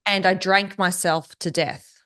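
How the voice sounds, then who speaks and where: A woman co-hosting an interview, chatting in an enthusiastic, rambling way with quick restarts. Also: fairly low pitch, steady tone, pushed and bright. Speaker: podcast co-host. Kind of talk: casual chat.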